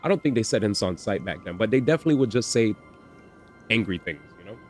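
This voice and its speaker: A man hosting a livestream, telling a story in an animated, slangy way with swearing and repetition. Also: fairly low pitch, fast talker, faint music behind. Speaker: livestream host. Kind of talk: casual storytelling on stream.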